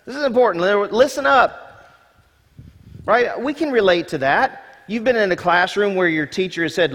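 A male pastor delivers a sermon in a high voice, pressing each point with repeated words and rhetorical questions. His voice rings out with a long reverb, as in a large church hall. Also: expressive, unhurried, long pauses, fairly bright tone. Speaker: senior pastor.

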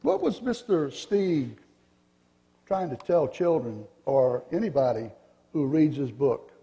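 A man's voice: fairly high pitch, sing-song, takes it slowly, dark tone, long reverb tail. A man reading a storybook aloud to a group of children, telling it expressively.

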